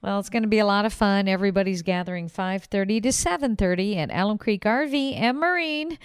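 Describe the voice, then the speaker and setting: A woman hosting a casual talk show, bubbly and quick to laugh. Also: medium pitch, smooth, no room sound, clean studio sound. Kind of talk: casual chat.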